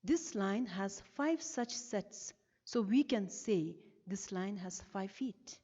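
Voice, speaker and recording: A woman teacher from Bhutan, giving a recorded lesson and explaining each term slowly and carefully, stressing the key words. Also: medium pitch, animated, mellow. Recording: lo-fi with long reverb.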